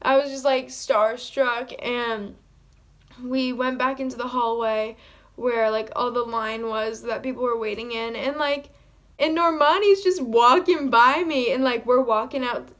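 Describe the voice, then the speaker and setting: Woman vlogger, a little high-pitched, casual storytime, excited and rambling, acts out the quotes. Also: measured pace. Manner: acts out quoted lines in her own voice.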